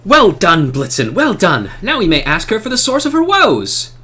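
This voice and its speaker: A man's voice: high-pitched, wildly swooping pitch, normal speed, bright, forceful tone, breathy edge, voice pushed up, heavily acted. A man voicing an earnest young male scholar from a game who talks in formal, old-fashioned phrasing.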